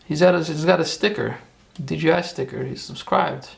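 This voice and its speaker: Gravelly man hosting a livestream. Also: fairly high pitch, normal speed. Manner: rambling, repeats himself, talks to chat. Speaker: livestream host. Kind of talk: casual tutorial livestream.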